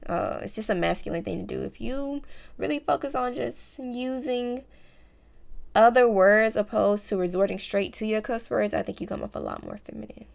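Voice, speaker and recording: Chatty woman with a gravelly edge. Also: mid-range voice, moderate pace. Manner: chatty, slang-filled, addresses viewers as y'all and baby. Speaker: lifestyle vlogger. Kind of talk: casual advice vlog.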